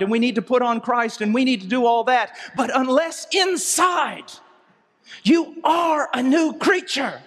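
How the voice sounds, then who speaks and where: High-voiced preacher guy, fired up, big echoey church hall. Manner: impassioned, swinging from soft low asides to raised cries. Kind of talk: sermon. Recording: hall reverb from a live sermon.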